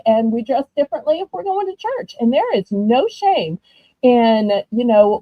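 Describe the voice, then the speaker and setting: A woman with a Southern US accent, chatting casually while running a live-stream auction, animated and full of ums. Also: a little high, no room sound, muffled recording.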